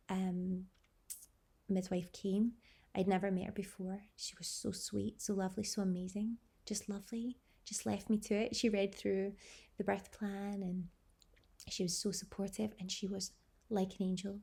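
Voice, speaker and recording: A woman's voice: mid-range voice, vocal fry, dark tone, husky. A young adult woman hosting a vlog, telling her birth story in an effusive way, heaping on superlatives. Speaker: vlog host.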